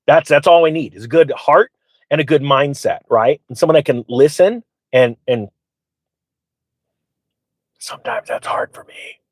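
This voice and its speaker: A man's voice: on the high side, moderate pace, no echo. A middle-aged man hosting his channel, casually telling rambling stories and acting out quoted voices, with plenty of fillers. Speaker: channel host. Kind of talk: casual storytelling to viewers.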